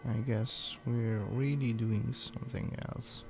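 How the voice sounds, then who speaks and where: A man on a live stream, talking slowly in frustrated mutters, swearing and sighing. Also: medium pitch, flat delivery, over loud music. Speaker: maker streamer.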